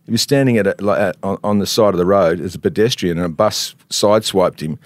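A man's voice: deep voice, quick pace, dry recording, clean studio sound. An Australian man co-hosting a sports podcast, telling rambling stories in casual chat with many restarts.

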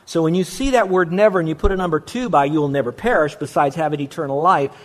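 A man's voice: on the high side, fast talker. A man preaching a sermon, stressing key words with repetition and direct questions to his listeners. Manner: emphatic preaching with repeated phrases. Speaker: pastor.

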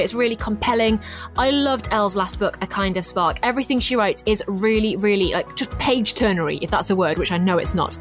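A woman hosting a show, chatting enthusiastically with fillers and asides. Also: medium pitch. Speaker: radio show host. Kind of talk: casual presenting.

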